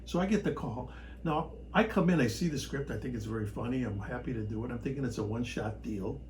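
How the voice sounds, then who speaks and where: A man from the Chicago area talks casually as a podcast guest, with an even, middle-pitched voice. He tells his stories with animation and often jumps into loud, excited bursts. A faint noise sits under the voice. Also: quick pace, poor audio. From Chicago area, United States. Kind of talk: casual storytelling chat.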